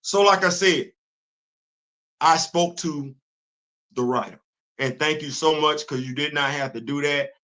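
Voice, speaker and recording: A man's voice: a little high, unhurried, long pauses, bright, forceful tone. A middle-aged man, hosting his own show in heated, emphatic casual commentary and repeating himself for force. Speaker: host.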